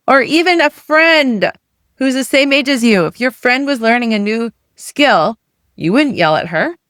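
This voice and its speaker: A middle-aged woman gives a motivational coaching talk, chatting along and asking the listener one question after another. Her voice sits at an ordinary middle pitch. The recording is dry, with no room around it. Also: a bit bright, no room sound. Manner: conversational, full of rhetorical questions. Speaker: weight loss coach.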